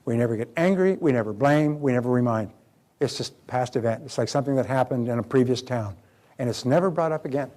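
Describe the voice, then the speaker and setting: A man giving a live motivational seminar talk, animated, acting out quoted dialogue. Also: mid-range voice, fast talker. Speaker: motivational speaker.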